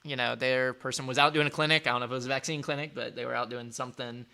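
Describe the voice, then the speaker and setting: A man's voice: mid-range voice, steady tone, racing, gravelly, pushed and bright, clean tone. A man hosting a live show, commenting sarcastically on clips with many fillers and restarts. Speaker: host.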